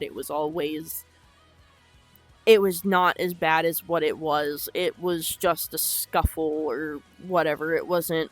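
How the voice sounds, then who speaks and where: A woman's voice: deep voice, steady tone, measured pace, dry recording, faint music behind. A woman telling a personal story unscripted, in a blunt, rambling and emotional way, swearing a lot.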